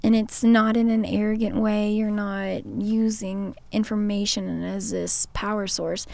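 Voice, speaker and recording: A woman's voice: mid-range voice, fairly even intonation, measured pace, creaky, a little mellow, dry recording. A young woman chatting casually with her partner, playful and teasing, laughing easily. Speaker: partner in a couple's conversation. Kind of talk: casual chat.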